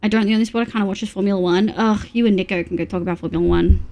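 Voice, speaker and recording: A young woman chatting casually on a live game stream, bubbly and quick to laugh as she reads her chat aloud. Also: medium pitch, fairly even intonation, mellow, slight background noise. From Australia. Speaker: VTuber streamer.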